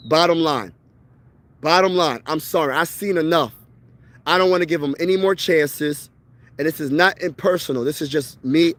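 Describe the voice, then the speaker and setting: Worked-up man ranting about baseball. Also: on the high side. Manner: worked-up, repetitive, slangy, says "bro" a lot. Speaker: sports fan vlogger. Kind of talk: casual sports rant.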